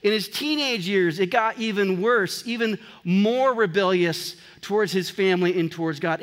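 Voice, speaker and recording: A man pastor preaching an animated sermon to his congregation, breaking off now and then to joke with them, recorded in a church. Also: high voice, long reverb tail. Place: church sanctuary.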